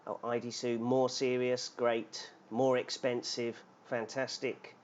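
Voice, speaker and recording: A man's voice: medium pitch, flat delivery, slow. A man teaching English grammar on a live stream, explaining patiently and reading out names from the chat. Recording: dull lo-fi stream audio with faint noise.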